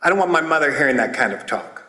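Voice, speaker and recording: High, animated man in a roomy hall. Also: quick pace. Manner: loud, animated storytelling with voiced characters. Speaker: speaker at a twelve-step meeting. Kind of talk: comedic recovery talk. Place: meeting hall. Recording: roomy hall with audience laughter.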